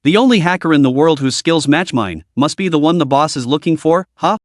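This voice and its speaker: A man's voice: a little high, expressive, brisk, no room sound, clean studio sound, close to an everyday voice. A man voicing a sinister, suave male hacker mastermind in a storybook reading, smug and faintly mocking.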